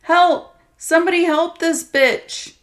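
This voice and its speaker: A woman voicing a brutal, drunken, abusive man who growls, mocks and shouts in a horror story. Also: medium pitch, measured pace, lightly acted. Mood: mocking shouts.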